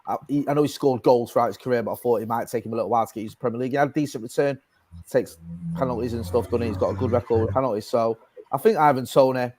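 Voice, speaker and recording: A man's voice: medium pitch, very fast, darkish tone, a little hiss or hum. A man giving his views as a panelist in a casual football chat, rambling with many fillers and restarts.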